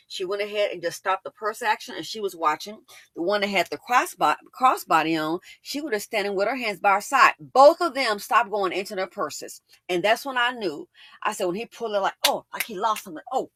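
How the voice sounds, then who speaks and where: A woman's voice: medium pitch, expressive, brisk, a bit bright, no echo. A woman host telling a storytime in casual, emphatic commentary, often repeating lines for effect.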